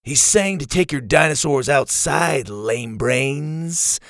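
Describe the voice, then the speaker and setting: A young bully of a classmate mocks the newcomers, as a male narrator voices him. The pitch rises a bit above the narrator's own. The reading is dry and close. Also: lively intonation, takes it slowly, gravelly, a bit bright, no echo, heavily acted. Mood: taunting. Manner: taunting.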